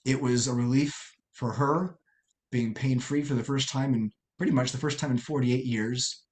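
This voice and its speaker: A middle-aged man from the United States, a podcast guest telling a personal story in an earnest, halting way with many restarts. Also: medium pitch, fairly even intonation, darkish tone.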